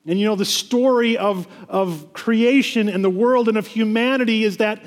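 A man with a high-pitched voice preaches a sermon to his congregation. He talks earnestly and often repeats words and restarts his phrases. His voice rings with a long reverb, as in a church sanctuary. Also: moderate pace. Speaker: pastor.

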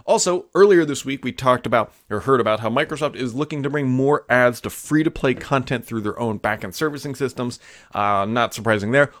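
A man's voice: medium pitch, no echo, studio quality. A man hosting a casual solo tech news show, chatty and offhand, with frequent fillers and asides.

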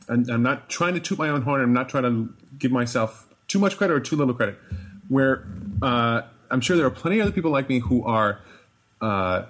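A man hosting a podcast interview, talking haltingly and searching for words with many "uh"s. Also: medium pitch. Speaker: podcast host. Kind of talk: casual interview chat.

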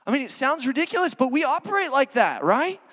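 A man's voice: very high voice, sing-song, fast, a bit bright. A man preaching a sermon as a pastor, earnest and conversational, with many casual fillers. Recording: long hall reverb.

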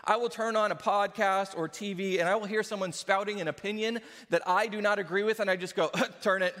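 A man preaching a sermon in an animated way, often laughing and acting out what people say. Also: high voice, fairly quick. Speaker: pastor. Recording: hall reverb.

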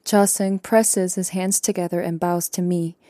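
A young adult woman reading a first-person story aloud in a calm, even narration with quiet character voices. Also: lowish voice, moderate pace, dry recording, studio quality. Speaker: audiobook narrator.

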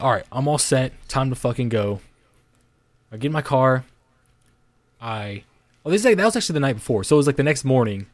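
Young male podcast co-host, mid-pitch voice, swears a lot, rambling, dry close sound. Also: no room sound. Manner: rambling, heavy swearing, many restarts and "like" fillers. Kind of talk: casual storytelling.

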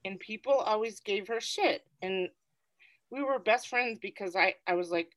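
A woman's voice: medium pitch, normal speed, dry recording. A woman co-hosting a podcast who tells stories casually and animatedly, full of "like" and "you know.". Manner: animated storytelling, filler-heavy. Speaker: podcast co-host. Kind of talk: casual chat.

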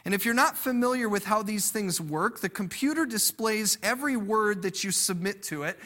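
A man's voice: high voice, normal speed, pushed and bright. A man in his thirties preaching a sermon, reading scripture and then telling a family story in an earnest way, acting out the people he quotes. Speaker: pastor.

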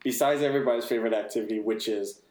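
A man's voice: medium pitch, very fast, a little mellow, echoey room. A man co-hosting a casual podcast, joking and teasing with mock-serious asides. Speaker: podcast co-host. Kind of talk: casual chat.

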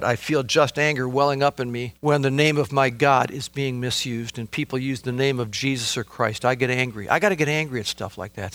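A man preaching a sermon, emphatic, swinging between loud exclamations and low, quiet asides. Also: no room sound.

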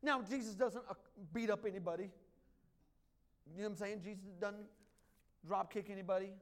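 A man preaching a sermon as pastor, swinging from hushed lines to loud ones and joking with the congregation. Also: high voice, steady tone, brisk, long pauses. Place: church.

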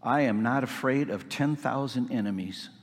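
A man preaches a sermon at a mid-range pitch, moving from calm explanation to fervent, emphatic passages. His voice carries a long reverb, as if he is in a large church sanctuary. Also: moderate pace. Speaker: pastor.

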